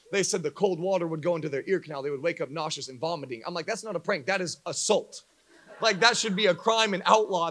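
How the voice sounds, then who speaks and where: A young man preaching a sermon to a congregation, telling stories with lively acted-out voices. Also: a little high. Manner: animated storyteller acting out voices for a live congregation. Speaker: pastor.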